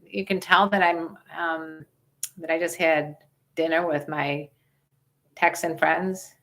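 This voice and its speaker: A woman's voice: deep voice, fairly even intonation, slow pace, a bit bright. Bawdy older woman hosting a livestream. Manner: bawdy, joking, reads viewer questions. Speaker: livestream host. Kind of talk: casual livestream chat.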